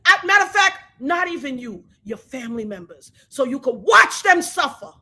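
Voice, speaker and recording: A woman giving an angry, tearful commentary rant, shouting, cursing and praying aloud in between. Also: high voice, very animated, moderate pace, hardly any pauses. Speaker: commentary vlogger.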